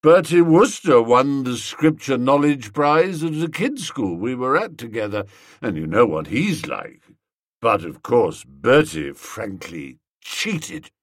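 A pompous young gentleman barks at a schoolboy, as a male narrator puts him on, his voice swooping up and down in cold, blustering accusation. Every word lands slow and deliberate, close and dry with no room around it. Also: mid-range voice, very animated, dry recording. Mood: accusing.

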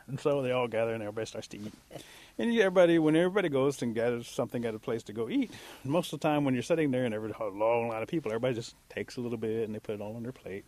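Folksy male storyteller. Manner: folksy, unhurried, with lively pitch jumps for emphasis. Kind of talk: oral folktale storytelling.

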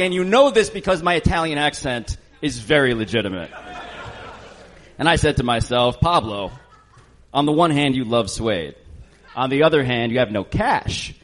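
A man's voice: medium pitch, animated, moderate pace, long pauses. A man telling a self-mocking story in casual podcast chat. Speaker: podcast co-host.

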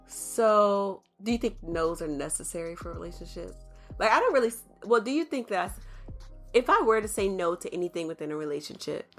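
A woman's voice: medium pitch, expressive, brisk, a bit bright, soft background music. A young adult woman co-hosting a casual podcast with her partner, chatty and teasing. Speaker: podcast co-host. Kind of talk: casual couple podcast chat.

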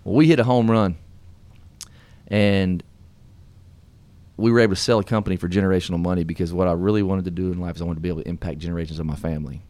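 A middle-aged man hosting a radio show, telling his story in an earnest, animated, folksy way. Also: deep voice, fast, pauses often, no echo. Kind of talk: casual storytelling and motivational talk.

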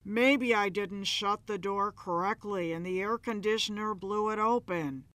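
A woman reading the part of a quick-tempered, jumpy balding man in a horror story. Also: medium pitch, a bit bright, no echo, natural voice. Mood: uneasy. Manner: angry, snappish.

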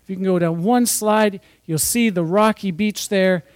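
Guy with a high voice doing a casual bible study, joking between verses, dry close sound. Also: normal speed, smooth, no room sound. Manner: chatty, jokey asides while reading scripture. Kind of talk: informal Bible teaching with slides. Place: church or fellowship hall.

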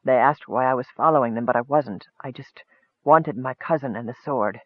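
A man's voice: mid-range voice, normal speed, no echo, voice pushed down, natural voice. A man doing a weak, whispering wounded elf. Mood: despairing. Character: weak, injured male elf wizard. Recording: tinny phone-like line, dry.

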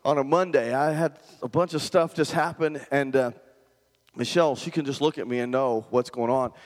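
A man's voice: medium pitch, moderate pace, in a large hall. A male pastor preaching a conversational sermon and often asking the congregation questions.

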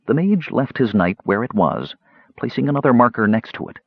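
A man narrating a fantasy audiobook in a measured, expressive storytelling manner. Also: fairly low pitch, husky, no room sound, muffled recording.

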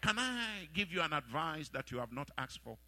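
A pastor preaching a sermon. He leads the congregation in call-and-response prayer, tells stories in animated voices and rises to loud shouts. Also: a little high, brisk, no room sound. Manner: animated storytelling with voiced characters.

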